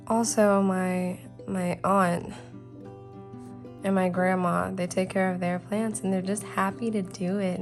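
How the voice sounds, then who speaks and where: A woman's voice: mid-range voice, mellow. A young woman chatting casually while she shows her sketchbook, often breaking into embarrassed giggles and rambling asides. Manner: giggly, self-conscious, rambling. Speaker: artist vlogger. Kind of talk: casual sketchbook tour chat.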